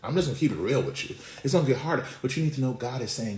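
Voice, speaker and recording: A middle-aged man preaching a casual devotional, telling folksy family stories in an animated way. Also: mid-range voice, racing, hardly any pauses, a little hiss or hum. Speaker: pastor. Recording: roomy echo.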